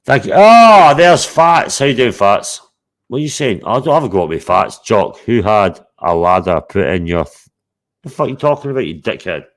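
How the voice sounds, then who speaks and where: A man with a somewhat low voice hosts a live stream. He talks bluntly and confrontationally, swearing freely as he calls someone out. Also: sing-song, fairly quick. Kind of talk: heated live stream chat.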